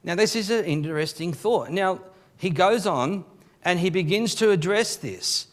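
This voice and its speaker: Male pastor, live church sermon, high voice, explains scripture verse by verse, repeats words as he starts. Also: lively intonation, moderate pace. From Australia. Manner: expository preaching, reads scripture aloud and explains it.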